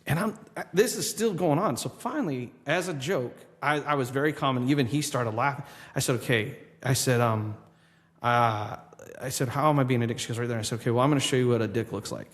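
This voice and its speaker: A man's voice: medium pitch, a little fast. A man, a podcast guest, telling a long story in a casual interview and acting out what others said to him. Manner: animated storyteller, quotes people in his own voice. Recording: long reverb with faint background noise.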